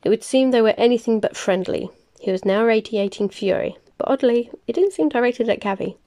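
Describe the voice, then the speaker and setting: A woman reading a novel aloud, plain and unhurried, with small slips she corrects as she goes. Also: on the high side, dark tone. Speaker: reader. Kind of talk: audiobook-style novel reading.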